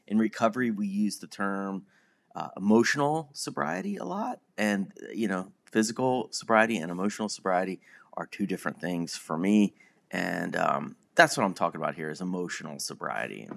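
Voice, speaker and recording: Deep-voiced man musing on his own life. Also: expressive, moderate pace, vocal fry. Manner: reflective, self-deprecating, chuckles often. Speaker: podcast host. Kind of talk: casual personal monologue.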